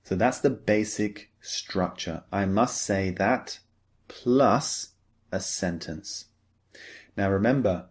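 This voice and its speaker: A man teaching English in a recorded lecture, explaining slowly and patiently, step by step. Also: on the low side, a little mellow.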